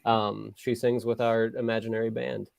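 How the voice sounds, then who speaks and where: A man's voice: fairly low pitch, flat delivery, moderate pace, creaky, dry recording. A man co-hosting a casual music podcast, talking earnestly with frequent stammers and repeats. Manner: earnest, stammering, softening as he praises. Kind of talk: casual chat. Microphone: remote video call.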